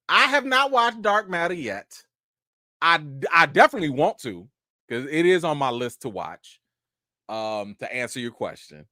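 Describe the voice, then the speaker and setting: A man hosts a live chat stream from home, his voice leaping up into loud mock indignation and then dropping to a low mumble. He talks in slangy, casual bursts full of restarts. The sound is dry and close to the mic. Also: normal speed, dry recording. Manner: animated, teasing, swings between loud mock outrage and low mumbling. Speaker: host of a live chat show.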